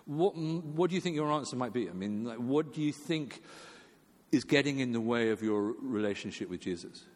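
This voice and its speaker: A man's voice: expressive, moderate pace, in a large hall. A man preaching a sermon in a conversational way, with fillers and restarts, acting out quoted voices. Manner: acts out quoted voices with jumps in pitch.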